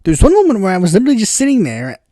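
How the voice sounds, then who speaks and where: A man's voice: high-pitched, huge pitch swings, rapid-fire, mellow, no echo, studio quality. A man hosting a casual political commentary podcast, rambling with lots of fillers and bursts of exasperated impressions.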